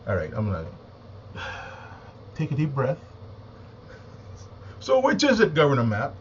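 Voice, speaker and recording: A man giving an agitated, emphatic monologue, repeating words and pausing for deep breaths. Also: wildly swooping pitch. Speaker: political commentator. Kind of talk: impassioned monologue. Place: home, with a small AM radio nearby. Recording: slightly dull lo-fi recording with faint noise.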